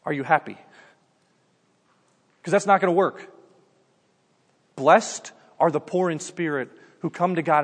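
A man's voice: on the high side, lively intonation, moderate pace, long pauses, big-room sound. A man preaching a sermon in a conversational way, calling his listeners "guys" and often saying "like". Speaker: pastor.

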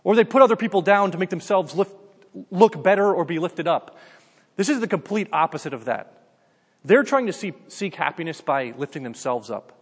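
A man with a high voice delivers a sermon in an easygoing way, addressing listeners as "guys" and peppering his talk with "like". His voice rings out with a long reverb, as in a large hall. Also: lively intonation, normal speed, slightly rough. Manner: conversational preaching, addresses listeners as "guys", often says "like". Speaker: pastor.

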